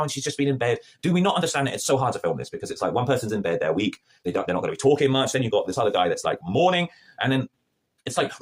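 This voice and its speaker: Brief: male reviewer, rapid-fire and sarcastic, very lively pitch, casual vlog review. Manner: sarcastic, animated, acts out scenes in mocking voices. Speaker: TV review vlogger.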